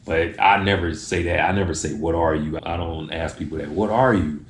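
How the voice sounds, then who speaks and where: A man's voice: low voice, fairly even intonation, a little fast, roomy sound. A man hosting a video, giving casual tips straight to the camera and acting out little exchanges in other voices. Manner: acts out short exchanges in changed voices.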